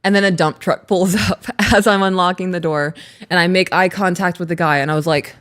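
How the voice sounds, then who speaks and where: A woman in her thirties, co-hosting a casual chat and telling a story in an animated way, laughing as she talks. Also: on the low side, fairly quick. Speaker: podcast co-host.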